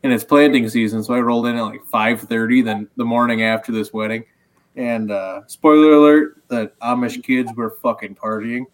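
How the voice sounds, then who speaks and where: A man's voice: medium pitch, steady tone, moderate pace. Laid-back, swearing male podcaster. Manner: laid-back, profane storyteller. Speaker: podcast co-host. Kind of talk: casual storytelling chat.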